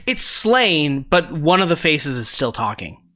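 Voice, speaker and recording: A man narrating a tabletop game as its game master, painting each blow in vivid detail. His voice is bright and clear. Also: on the high side, sing-song, unhurried.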